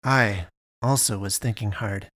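A man narrating a first-person story, expressive, switching between narration and dialogue. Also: on the low side, a little slow.

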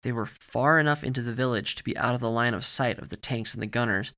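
A man narrates a grim story at a steady, deliberate pace. His voice sits in an ordinary middle register, and he keeps his reading even and controlled. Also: medium pitch.

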